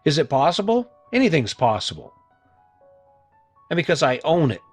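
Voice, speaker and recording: A man's voice: a little high, big pitch swings, moderate pace, no room sound, soft background music. A middle-aged man hosting a solo motivational podcast, talking earnestly and emphatically and repeating points for emphasis. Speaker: podcast host.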